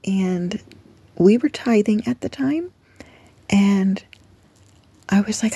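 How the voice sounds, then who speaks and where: A woman giving an earnest, gentle devotional talk that encourages her listeners. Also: medium pitch, slow pace, creaky, long pauses, breathy edge, no room sound. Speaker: Christian devotional speaker.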